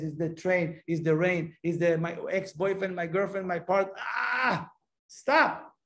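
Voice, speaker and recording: A man with a notably high voice teaches a spiritual class as a Kabbalah teacher. He talks emphatically, circling back on his words and posing rhetorical questions to his listeners.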